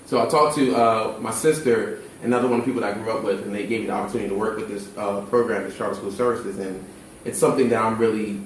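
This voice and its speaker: A man's voice: fairly low pitch, quick pace, distant mic, a little hiss or hum. Twenty-something man in an echoey room. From Philadelphia. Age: 20s. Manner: animated, slangy storytelling with acted quotes. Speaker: charter school worker. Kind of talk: casual discussion.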